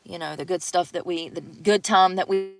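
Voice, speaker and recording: A woman's voice: lowish voice, normal speed, vocal fry, poor audio. A woman, chatting casually and rambling to her live-stream viewers. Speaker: livestream host. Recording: steady car road noise.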